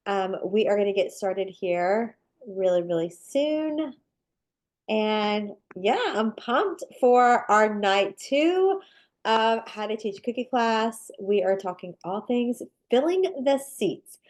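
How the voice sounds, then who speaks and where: A woman's voice: mid-range voice, lively intonation, takes it slowly, a little mellow. A woman with a nasal, stuffed-up voice from a sinus infection, hosting a live online cookie-decorating workshop in an upbeat, rambling, chatty way. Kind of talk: casual live webinar talk.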